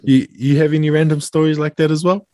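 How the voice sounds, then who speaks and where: Laid-back kiwi podcast host. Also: male voice, on the high side, steady tone, fast, mellow, dry recording. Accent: New Zealand. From New Zealand. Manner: laid-back, teasing, calls guest bro. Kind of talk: casual chat.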